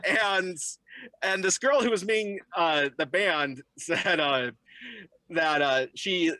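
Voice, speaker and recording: An animated young man as an interview guest, spinning stories and leaping into high, squeaky voices whenever he quotes someone. His voice is bright and pushed, sitting a little high, and it comes through dry and close. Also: takes it slowly, no room sound. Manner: animated, jumps into high voices when quoting people. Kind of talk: storytelling in a casual interview.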